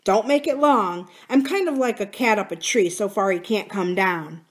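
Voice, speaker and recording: A woman's voice: medium pitch, moderate pace, close to an everyday voice. A woman reading aloud and voicing an earnest, eager young farmer who speaks pleadingly.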